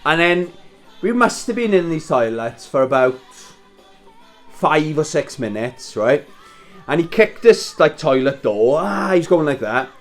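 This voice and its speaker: A man's voice: a little high, very animated, measured pace, soft background music. A Welsh man in his thirties telling a rambling story in casual chat, swearing and laughing as he wraps presents at home. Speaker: vlogger.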